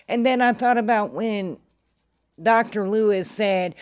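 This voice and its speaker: A woman's voice: a little high, measured pace, a little mellow, no room sound. A woman hosting casual true-crime commentary, blunt and sarcastic. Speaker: commentary host.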